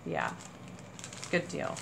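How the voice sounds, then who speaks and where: Woman, slow unhurried talk, gushing over crafting supplies, casual haul chat. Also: noisy background. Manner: gushing, excited over small crafting items. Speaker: crafting channel host.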